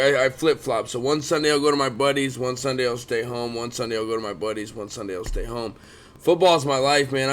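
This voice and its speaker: A man in his thirties co-hosting a casual sports chat, talking fast and swearing often. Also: medium pitch. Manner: profane, animated, keeps complaining he yawns. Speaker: podcast co-host.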